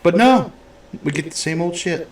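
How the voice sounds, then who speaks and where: A man's voice: on the high side, normal speed. A man hosting a podcast, in a casual, blunt and profane chat about a movie. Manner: blunt, profane, animated storytelling. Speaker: podcast host.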